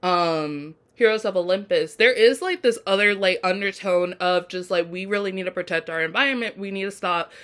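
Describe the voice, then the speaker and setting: A woman's voice: medium pitch, moderate pace, few pauses, a bit bright. A woman giving a casual video review of a TV episode, chatty and effusive with lots of fillers. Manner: chatty, effusive, frequent fillers like "um" and "you know". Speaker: TV show reviewer.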